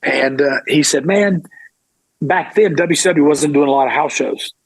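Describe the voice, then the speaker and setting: A middle-aged former wrestler recounts his past as an interview guest, his voice husky and somewhat high-pitched. He talks in an animated way, sometimes acting out the people in his story. The sound is dry and close. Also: normal speed, dry recording, poor audio. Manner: animated, acts out quoted voices.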